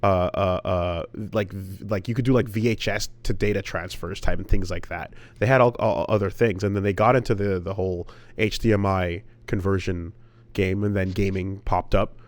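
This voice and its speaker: A man's voice: deep voice, fairly even intonation, normal speed. A man co-hosting a casual podcast, rambling with lots of fillers, restarts and swearing. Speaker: podcast co-host.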